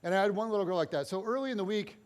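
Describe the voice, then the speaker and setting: High-voiced pastor telling stories. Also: male voice, very fast. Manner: animated storytelling. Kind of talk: sermon. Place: church.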